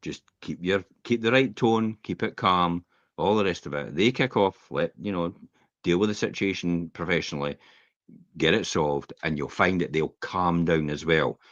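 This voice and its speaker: A man's voice: deep voice, moderate pace, no echo. A middle-aged Scottish man co-hosting a podcast, chatting casually and telling rambling stories with acted-out quotes. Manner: rambling, animated storyteller who acts out quotes. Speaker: podcast co-host. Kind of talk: casual chat, anecdotal storytelling. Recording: dull, slightly lo-fi podcast audio.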